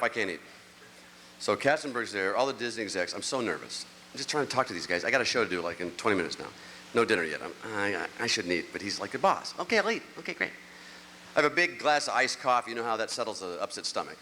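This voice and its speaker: Stand-up comic, man, middle-aged, bright edgy voice, rambling self-mocking stories, live hall reverb. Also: lowish voice, slight background noise. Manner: rambling, self-mocking storytelling with act-outs. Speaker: stand-up comedian. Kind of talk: stand-up comedy set. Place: large live venue, on stage. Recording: live show audio with long hall reverb.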